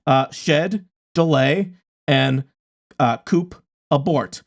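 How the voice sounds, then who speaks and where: A man running a tabletop game as game master, narrating in a relaxed way with many pauses. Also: fairly high pitch.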